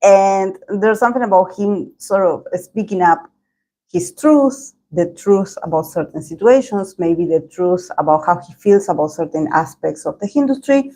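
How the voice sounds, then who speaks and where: A woman giving a tarot reading in a video, talking in a meandering, hedging way with many pauses. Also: medium pitch, lively intonation, dark tone, rough recording. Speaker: tarot reader.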